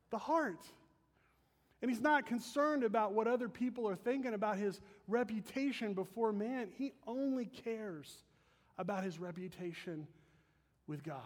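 A male pastor with a high voice preaches a sermon in a church sanctuary, earnest and emphatic, turning now and then to address the congregation. The big hall gives the recording a long reverb.

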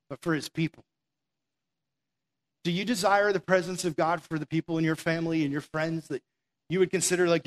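A man preaching a sermon in an earnest, conversational way, acting out quoted prayers as he goes. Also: on the high side. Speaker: pastor.

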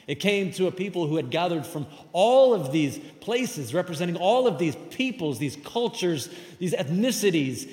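A man's voice: high voice, big pitch swings, moderate pace, hardly any pauses, a little mellow. A man giving a sermon as pastor, emphatic and conversational. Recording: echoey hall with long reverb.

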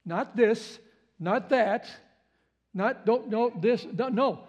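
A man with a high, light voice delivers a sermon as a pastor. He builds with repetition, leans on phrases again and again, and breaks into sudden sharp exclamations. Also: slow pace, lo-fi sound. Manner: impassioned, repeats phrases, jumps to high exclamations.

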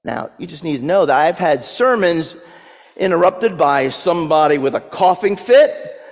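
A man's voice: on the high side, lively intonation, moderate pace, in a large hall. A man preaching a sermon, telling the story vividly and dramatically with touches of humor.

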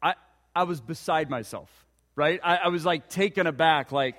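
A man with a notably high voice delivers a sermon, telling stories and pressing earnest rhetorical questions on his listeners. His voice rings out with a long reverb, as in a big hall. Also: moderate pace, fairly bright tone. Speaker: pastor.

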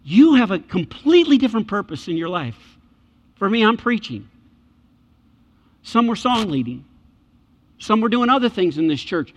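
Animated preacher in a reverberant church. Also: male voice, high voice, normal speed, pauses often. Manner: animated, acts out voices in scripture scenes. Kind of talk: sermon. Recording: muffled church hall reverb.

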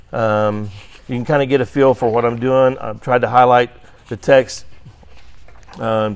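A man teaching an adult Sunday school class, reading scripture aloud with emphasis and checking in with "right?". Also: mid-range voice. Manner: reads scripture aloud with emphasis, frequent "right?" tag questions; occasionally clears throat. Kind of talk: Bible class lecture.

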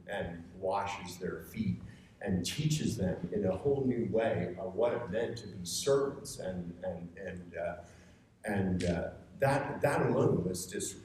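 A man preaches conversationally to people seated in a meeting room, sincere and building to forceful exhortation. His lowish, slightly mellow voice comes with a little hiss or hum, captured far off in a room full of echo.

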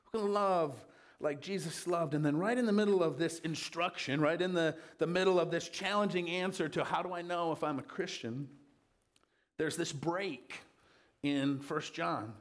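A man's voice: a little high, normal speed. A man preaching a sermon in a conversational way, with frequent fillers and restarts.

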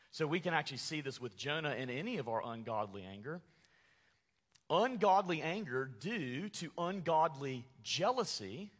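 Pastor guy preaching, kinda high voice, echoey church, gets real animated. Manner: animated preaching, acts out angry quotes with sarcasm. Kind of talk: sermon.

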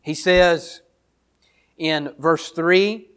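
A man's voice: high voice, a little slow, a bit bright. A man pastor reading scripture and then explaining it verse by verse in an earnest teaching tone, often repeating phrases. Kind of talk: sermon, Bible reading and exposition.

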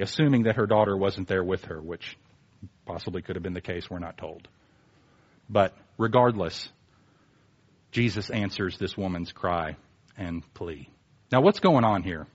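A male preacher giving a conversational sermon, emphatic, swinging between quiet asides and animated bursts. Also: medium pitch, breathy edge, muffled recording.

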